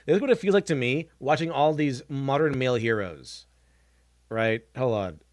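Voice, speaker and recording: A man's voice: mid-range voice, lively intonation, normal speed, dry recording, studio quality. A man giving casual live-stream reaction commentary, blunt and mocking, scoffing at what he watches and restarting sentences as he goes.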